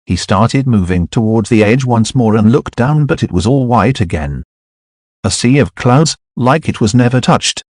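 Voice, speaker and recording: A man narrating a novel as an audiobook in a steady, even read. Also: mid-range voice, moderate pace, no echo, clean studio sound.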